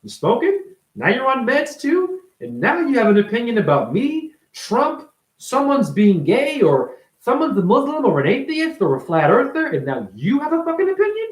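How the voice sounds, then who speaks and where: A man ranting to camera in a profane, mocking monologue, firing rapid rhetorical questions at the viewer. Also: very high-pitched, huge pitch swings, low-quality recording. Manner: profane, mocking, swings between shouting and murmuring. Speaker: self-styled spiritual vlogger.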